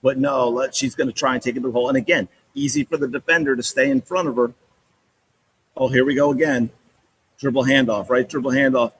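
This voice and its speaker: A man hosting a sports podcast, breaking down game film with animated, exasperated commentary and repeating points for emphasis. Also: mid-range voice, a little fast, husky, low-quality recording.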